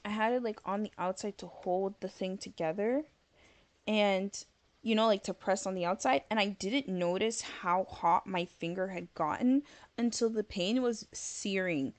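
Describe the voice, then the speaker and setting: A woman's voice: mid-range voice, unhurried, no echo. A woman chats casually while she plays a game live on stream. She rambles, fills her sentences with "like", and sounds tired and yawny late at night. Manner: chatty and rambling, many fillers of "like".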